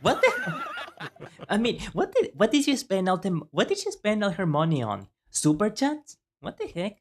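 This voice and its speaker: A streamer reacting to clips in loud, exclamatory casual chat, laughing often. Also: medium pitch, huge pitch swings, moderate pace, slightly rough, soft background music.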